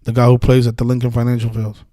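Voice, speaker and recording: A man's voice: medium pitch, monotone, fast, warm tone, no echo. A man hosting a casual live-stream about sports betting, talking in a heated, profane, rambling way with many restarts. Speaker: sports betting video host.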